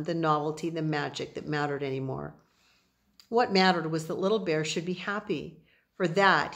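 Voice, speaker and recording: Woman reading a children's book aloud. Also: low voice. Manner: chatty asides explaining words to listeners. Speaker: reader.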